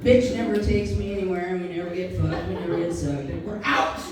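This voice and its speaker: A woman's voice: lowish voice, fairly quick, crowd noise. A woman in her fifties doing a stand-up comedy set, brash and profane with self-mocking punchlines. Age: 50s. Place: live comedy venue. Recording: distant mic in a reverberant room with audience noise. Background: audience laughter.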